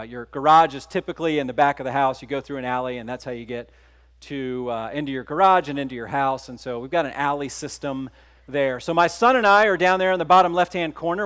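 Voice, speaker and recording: A man's voice: mid-range voice, fairly bright tone, smooth. A middle-aged man from Texas giving a conference keynote, telling a story in a conversational way and putting questions to the audience. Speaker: keynote speaker. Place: conference stage.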